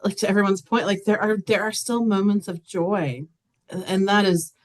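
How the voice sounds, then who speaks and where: A young woman sharing in a casual church group chat, quick and gentle with many fillers. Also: mid-range voice, fairly even intonation.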